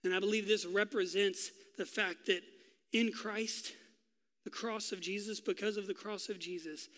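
A male pastor preaching a sermon, telling a story with drama and dropping to a hush for key lines. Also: sits high, fairly even intonation, moderate pace, long reverb tail. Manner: dramatic storytelling, swinging from loud to hushed.

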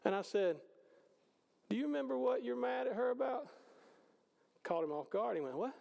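A man preaching a conversational sermon, swinging between loud passages and hushed ones. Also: extremely high pitch, animated, moderate pace, gravelly, highs cut off. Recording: hall reverb.

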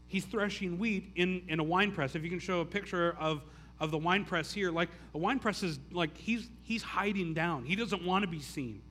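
Pastor, male, high and bright tone, casual sermon with stumbling restarts. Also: normal speed, a little hiss or hum. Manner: casual, stammering restarts, frequent "like". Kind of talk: conversational sermon.

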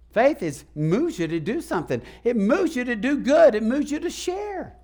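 High-voiced preacher. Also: male voice, sing-song, moderate pace, hardly any pauses, darkish tone. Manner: preaching, calls to the congregation. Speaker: pastor. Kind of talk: sermon. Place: church sanctuary.

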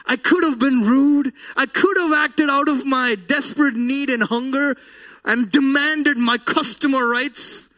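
A man with a strikingly high voice delivers a sermon. He is earnest and emotional, and his voice often breaks with feeling as he weaves a personal story into the message. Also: fairly even intonation, unhurried, sharp tone. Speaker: preacher.

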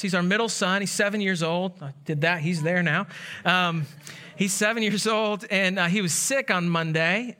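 A man preaching a sermon as pastor, telling stories and acting out the people in them. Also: sits high. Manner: storytelling with animated quoted voices.

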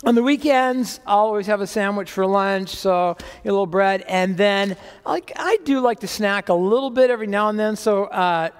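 A man's voice: high voice, normal speed, hardly any pauses, clean tone, big-room sound. A man preaching a sermon as pastor, chatty and self-mocking, with joking asides. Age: older. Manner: conversational, self-deprecating humor.

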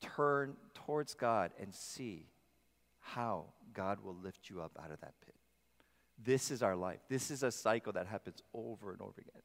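A male pastor preaching a sermon in a church, emphatic, swinging between loud passages and soft ones. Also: on the low side, lively intonation, moderate pace, gravelly. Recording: long reverb of a large hall.

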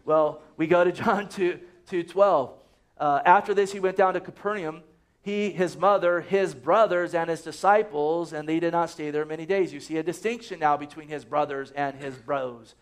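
A man's voice: on the high side, moderate pace. Joking conversational male preacher. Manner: conversational and joking, quotes scripture often. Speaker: pastor. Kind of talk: sermon.

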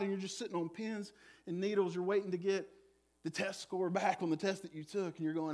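A male pastor with a drawl delivers his sermon as a personal story. His voice sits high for a man, and he talks in an animated, chatty way with plenty of self-deprecating humor. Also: fairly quick.

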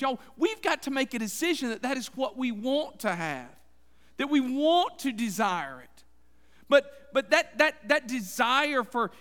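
Folksy preacher in a reverberant hall. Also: male voice, very high-pitched, fairly bright tone. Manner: folksy and conversational, addressing the congregation as y'all. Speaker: pastor. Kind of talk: sermon.

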